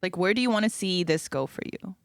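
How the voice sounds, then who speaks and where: A woman's voice: fairly low pitch, animated, a little fast, no room sound, studio quality. A woman hosting a podcast who asks friendly, upbeat questions in a casual chat. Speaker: podcast host. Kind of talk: casual interview.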